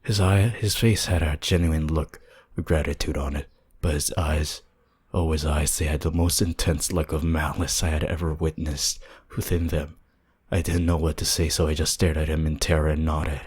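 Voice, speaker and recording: A man narrating a horror story in a hushed, tense, deliberate way. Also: rumbling low, little pitch movement, husky.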